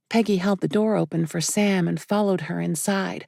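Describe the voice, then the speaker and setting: A woman narrating an audiobook thriller in a steady, measured way. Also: fairly low pitch, gravelly, no room sound, studio quality. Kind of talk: scripted narration.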